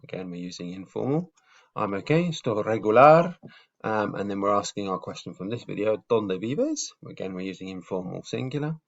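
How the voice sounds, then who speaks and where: Low gravelly man teaching beginners. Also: lively intonation, fairly quick, muffled recording. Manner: patient, explains step by step with fillers. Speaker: Spanish teacher. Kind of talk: casual video lesson.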